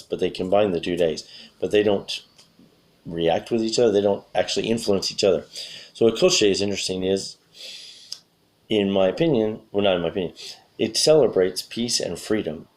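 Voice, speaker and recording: A deep-voiced man gives a relaxed spoken English lesson. His voice is slightly hoarse, and he clears his throat now and then. He rambles along and often corrects himself mid-sentence. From USA. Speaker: English teacher. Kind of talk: casual spoken lesson for learners.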